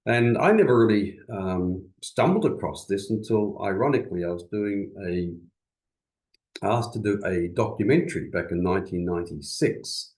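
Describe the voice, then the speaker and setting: Australian man, deep voice, video call, casual rambling seminar talk. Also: animated, normal speed, poor audio. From Western Australia. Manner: warm, rambling, with many fillers and restarts. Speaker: seminar speaker.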